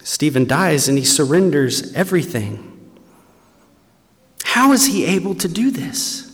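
A man delivers a sermon at an unhurried, deliberate pace, his fairly high voice ringing out in a long-echoing church hall. He is earnest throughout, sinking to near-hushed lows and then rising into emphatic, raised stretches. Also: sing-song. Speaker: preacher. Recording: long reverb from a large hall.

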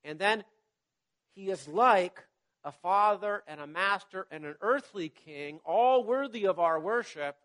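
A man preaching a sermon to his congregation and reading scripture aloud, measured and emphatic, his voice dropping away at the end of phrases. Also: high-pitched, expressive, fairly bright tone. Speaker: pastor.

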